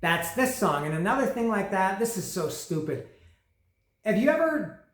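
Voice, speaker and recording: A man's voice: sits high, very animated, normal speed, a bit bright, echoey room. A man giving a casual, rambling album review, often restarting his sentences and poking fun at his own explanations.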